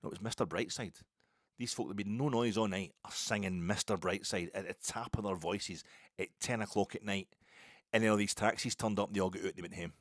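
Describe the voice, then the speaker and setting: Deep-voiced Scottish man ranting about football. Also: brisk, no echo, clean studio sound. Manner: rambling and sweary, with loud bursts. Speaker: football podcaster. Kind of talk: casual monologue.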